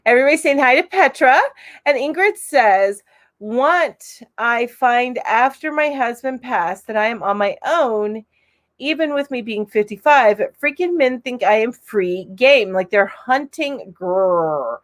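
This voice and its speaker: A woman in her forties from Florida hosts a casual live stream, reading viewer comments aloud. Her voice sits a little high, and she keeps things chatty and upbeat, laughing easily between remarks. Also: expressive, unhurried. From Florida, USA.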